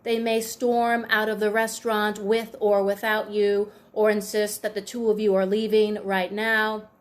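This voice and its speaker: A woman's voice: medium pitch, little pitch movement, measured pace. A woman hosting a self-help video, talking through examples in a casual, conversational way with frequent fillers and acted-out quoted dialogue. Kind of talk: casual explanatory monologue.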